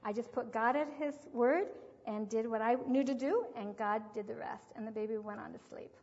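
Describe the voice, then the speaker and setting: An older woman teaching about parenting in a devotional talk, telling lively stories with acted quotes. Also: fairly high pitch, moderate pace. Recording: dull, echoey hall recording.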